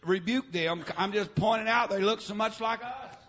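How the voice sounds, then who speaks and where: A middle-aged man preaching a revival sermon in church, dropping "uh, amen" between his phrases in a shouting preaching cadence. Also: high voice, moderate pace, muffled recording.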